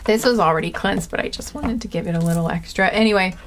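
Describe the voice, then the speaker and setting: A woman's voice: medium pitch, quick pace, slight background noise. Chatty woman tarot reader, dry-throated. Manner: rambling, filler-heavy, laughs at her own slips. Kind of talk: casual pick-a-card tarot reading.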